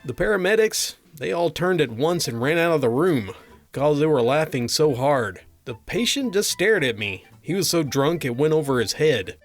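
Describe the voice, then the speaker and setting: A man's voice: on the high side, very animated, normal speed, faint music behind. A man narrating a string of funny doctor and patient stories, with a dry comic delivery. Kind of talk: reading funny anecdotes aloud.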